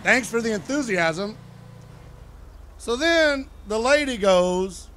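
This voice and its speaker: High-voiced man telling a crude story. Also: animated, slow, long pauses, a bit bright. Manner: profane, joking, conversational. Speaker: role-play character telling a story. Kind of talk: in-character casual storytelling. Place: game role-play voice chat.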